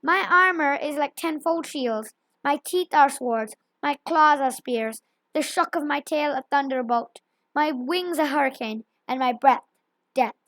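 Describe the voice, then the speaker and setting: A woman's voice: high-pitched, measured pace, no echo. Woman putting on a boastful old dragon. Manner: mocking and boastful, loud declaiming. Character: huge, gloating, boastful old male dragon.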